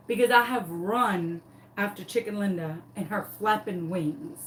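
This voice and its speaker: A woman chatting to her viewers while she works on a craft project. She tells her story dramatically and animatedly, with a friendly, casual directness, in a voice of middling pitch. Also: a little slow, a little hiss or hum. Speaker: craft tutorial host.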